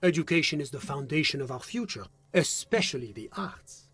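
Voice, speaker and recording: A man voicing a polished, evasive male diplomat in a video game, speaking politely and smoothly while dodging questions. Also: fairly high pitch, expressive, brisk, a bit bright, dry recording, full character voice. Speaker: foreign diplomat questioned by a detective.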